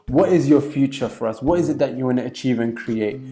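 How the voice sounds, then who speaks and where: A man's voice: mid-range voice, fairly quick, dark tone. A man giving an emphatic motivational talk as a business coach, repeating points with many fillers.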